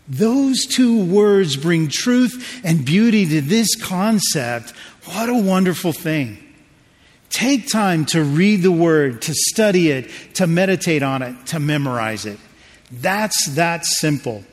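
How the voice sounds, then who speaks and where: A pastor delivers a sermon, talking to his congregation in a loose, joking way and calling on them to answer. His voice sits a little high for a man. The sound rings with the long reverb of a large hall. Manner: conversational preaching with jokes and audience prompts.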